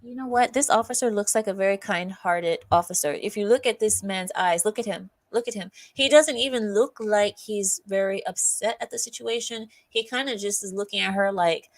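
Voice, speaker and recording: A woman's voice: mid-range voice, moderate pace, dry recording. A woman hosting a livestream, reacting to a video and talking to her viewers in a mocking, chatty way, often laughing. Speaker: livestream host.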